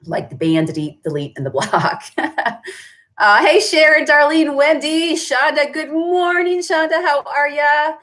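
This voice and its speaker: A woman's voice: high-pitched, expressive, a little slow, a bit bright. A woman who runs a paint shop, chatting on a live stream, answering viewer comments and tagging her points with "right?".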